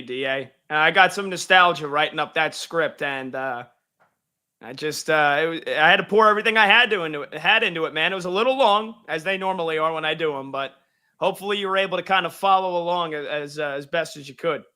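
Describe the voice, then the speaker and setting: A man's voice: fairly high pitch, fast talker, bright, forceful tone, clean tone. A man delivering a scripted, pun-packed hockey recap, then chatting casually with the host. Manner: pun-heavy, theatrical delivery. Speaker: guest segment host.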